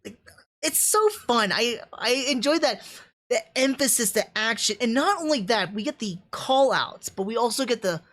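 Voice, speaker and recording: A woman's voice: fairly high pitch, animated, moderate pace, fairly bright tone. A woman reviewing anime on a live stream, enthusiastic and rambling, full of fillers and restarts. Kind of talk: casual livestream review.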